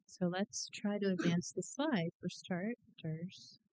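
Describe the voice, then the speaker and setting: Woman consultant, smooth clear voice, friendly presenter with fillers, dry close sound. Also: lowish voice, slow pace, a little mellow, dry recording, poor audio. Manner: friendly, upbeat, with frequent fillers. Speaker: planning consultant. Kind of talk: public meeting presentation.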